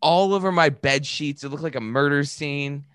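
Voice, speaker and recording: A man's voice: on the high side, moderate pace, slight background noise. A man, a comedian guest on a podcast, telling crude stories in casual chat and laughing through them. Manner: animated storyteller, laughs through his own tales.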